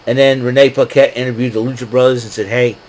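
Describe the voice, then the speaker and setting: Male host, mid-pitched, loose rambling recap with laughs and a faint background hum. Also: level tone, fast, a little mellow, poor audio. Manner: rambling, laughs often, hesitant fillers. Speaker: podcast host recapping wrestling. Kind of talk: casual recap.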